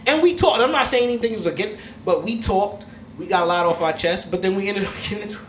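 A man's voice: high-pitched, fast talker, a bit bright. Profane, laughing man telling a story. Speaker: host. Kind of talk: casual storytelling chat. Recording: echoey room, mic far off, faint noise.

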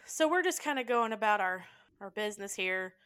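A woman's voice: medium pitch, animated, a little fast, fairly bright tone, clean tone. A woman co-hosting a casual movie chat, talking freely and laughing often at herself. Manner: chatty, laughs often, self-deprecating. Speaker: podcast co-host.

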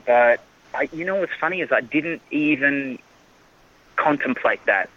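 An Australian actor being interviewed in casual chat, rambling with frequent restarts and fillers. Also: male voice, mid-range voice, lively intonation, unhurried, muffled recording. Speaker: actor guest.

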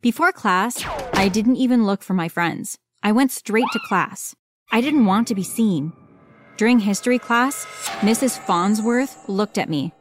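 A woman reading a first-person story aloud as a storyteller, in an expressive, dramatic way. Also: medium pitch, measured pace, faint music behind. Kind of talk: scripted first-person narration.

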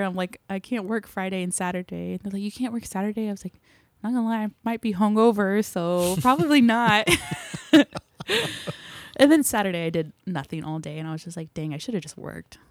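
A woman's voice: medium pitch, fast, darkish tone, dry recording. A young woman, a film crew member chatting in a casual interview, telling stories animatedly with lots of fillers.

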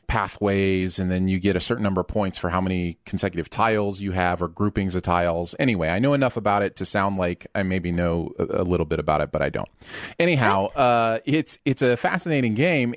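A man's voice: lowish voice, dry recording, clean studio sound. A man hosting a podcast in casual chat, rambling with fillers and frequent laughs. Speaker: podcast host.

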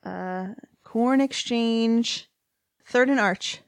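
A woman co-hosting a podcast in casual chat, tossing in offhand, quick asides. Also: fairly high pitch, no room sound. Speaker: podcast co-host.

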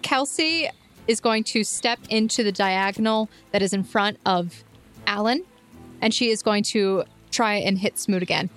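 A woman's voice: mid-range voice, a little slow, soft background music. A woman narrating as game master of a tabletop game, laughing often as she describes the action.

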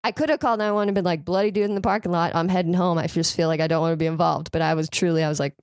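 A young woman, a podcast guest, telling a story in a lively, chatty way, swearing freely and saying "like" a lot. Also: lowish voice, racing, dry recording, clean studio sound. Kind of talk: casual comedic storytelling.

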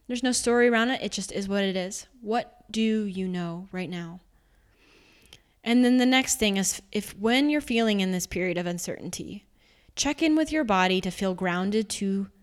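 Young woman host, smooth clear voice, calm spiritual coaching talk, guiding and gently meditative. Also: medium pitch, moderate pace.

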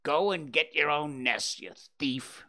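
A man voicing a furious male jay bird who yells insults while squabbling. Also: a little high, animated, slow pace, pitched above the performer's own voice, full character voice. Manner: yelling, insulting.

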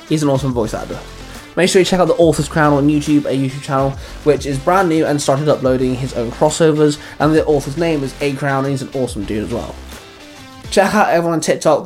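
Male fan-fiction narrator, faint music. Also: a little high. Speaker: storyteller and channel host. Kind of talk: reading fan fiction aloud.

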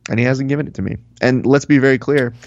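A man co-hosting a casual podcast, telling animated stories, swearing and acting out what people said. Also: medium pitch, fast talker, dry recording, muffled recording. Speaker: podcast co-host.

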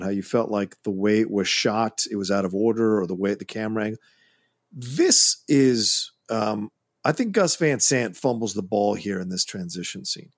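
A man's voice: lowish voice, slightly rough, no echo. A man co-hosting a film podcast, giving opinionated, emphatic critique in casual chat. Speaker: podcast co-host.

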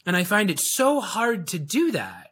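A man in a relaxed podcast interview, his voice sitting a little high and swinging widely as he acts out little scenes of quoted dialogue. He tells his stories with a playful, chuckling energy. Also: a little slow, slightly rough. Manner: animated storyteller acting out quoted dialogue. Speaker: sales video coach, guest.

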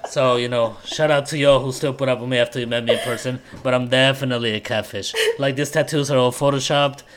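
A man's voice: medium pitch, steady tone, fast talker, a little hiss or hum. A man with a Colombian accent, co-hosting a podcast in a casual, profane, rambling and self-mocking way. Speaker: podcast co-host.

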